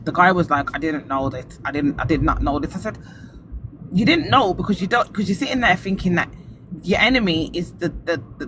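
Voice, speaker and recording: A man's voice: high-pitched, noisy background. A man hosting a casual live-stream podcast, animatedly retelling his arguments. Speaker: podcast host.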